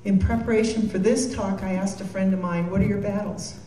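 A woman's voice: medium pitch, steady tone, a little fast, warm tone, a little hiss or hum. A woman giving a devotional talk, earnest and heartfelt, with joking asides. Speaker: Christian speaker. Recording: echoey room from a distance.

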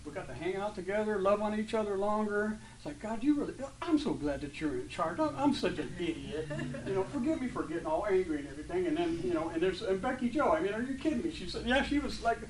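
A man in his fifties sharing a rambling, heartfelt testimony with a group, full of fillers and restarts, turning loud and animated when he retells stories. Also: high voice, fast, a crowd in the background. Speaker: church member sharing a testimony. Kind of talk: casual spoken testimony to a group. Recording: distant mic with faint room ambience.

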